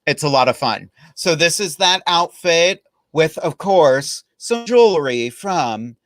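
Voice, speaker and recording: A chatty man hosts a podcast, joking his way along and laughing at his own lines. His voice sits a bit high, and the recording is dry and close. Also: lively intonation, slow pace, a bit bright, no room sound, soft background music. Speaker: podcast host and drag performer. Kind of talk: casual podcast chat.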